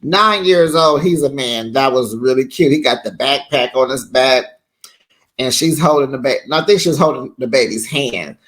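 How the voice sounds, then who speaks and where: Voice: medium pitch, normal speed, a bit bright. A reality TV recap host giving casual, sassy commentary in a chatty way, acting out quotes.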